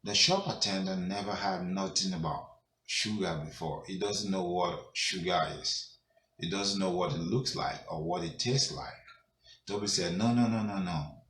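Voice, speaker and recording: A man telling a folk tale in an unhurried, conversational way, with fillers. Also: deep voice, pushed and bright. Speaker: storyteller. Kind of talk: spoken folk tale narration. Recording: echoey room with faint noise.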